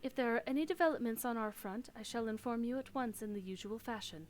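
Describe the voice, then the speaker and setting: A woman reading the formal, measured lines of a dignified male commander from a game. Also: fairly high pitch, a little mellow, lightly acted. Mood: earnest. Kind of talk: reading game dialogue aloud.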